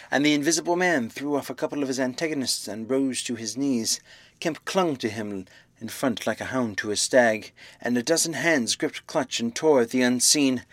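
A man reading a classic novel aloud, with measured, dramatic storytelling. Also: mid-range voice, a bit bright, dry recording. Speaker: audiobook narrator. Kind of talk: scripted narration of a classic novel.

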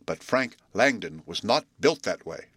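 A man calmly reading a chapter of an adventure book aloud as an audiobook narrator. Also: fairly low pitch, unhurried, breathy edge, dry recording. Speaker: audiobook reader. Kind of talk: storybook narration.

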